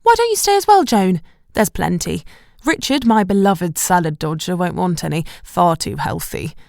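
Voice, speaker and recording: Woman narrator doing a fussing aunt, hospitable, coaxing, slight gravel. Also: on the low side, animated, moderate pace, dry recording, clean studio sound. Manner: bright and hospitable. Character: warm, hospitable middle-aged aunt.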